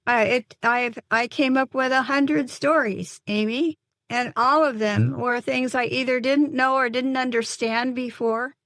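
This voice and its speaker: An older woman, a psychotherapist and mother, telling a painful personal story in an interview, earnest and halting with many restarts. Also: high-pitched, steady tone, fairly bright tone, dry recording.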